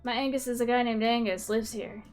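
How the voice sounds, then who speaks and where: A woman's voice: fairly high pitch, fairly even intonation, brisk, a little mellow, soft background music, close to an everyday voice. A woman voicing a preachy older churchgoing woman in a game, speaking in a grandiose, sermonizing way.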